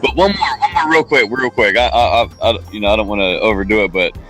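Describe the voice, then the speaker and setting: A man co-hosting a podcast, telling stories in a casual, animated way, swearing freely and acting out quoted voices. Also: lowish voice, quick pace, music in the background, low-quality recording. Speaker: podcast co-host. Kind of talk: casual storytelling chat.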